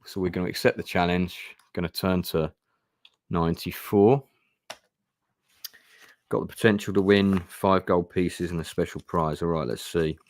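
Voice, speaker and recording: A man's voice: low-pitched, fairly even intonation, normal speed, long pauses, no echo. A man reading through a fantasy gamebook and chatting casually as he plays. He hesitates often and swears now and then. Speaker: gamebook player and streamer. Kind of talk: casual play-through narration.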